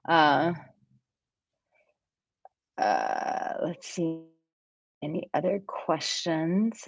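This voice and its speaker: Low-voiced woman coaching on a live stream. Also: no room sound. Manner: breezy, chatty, reads viewer comments aloud. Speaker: dating coach. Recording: dull, dry lo-fi stream audio.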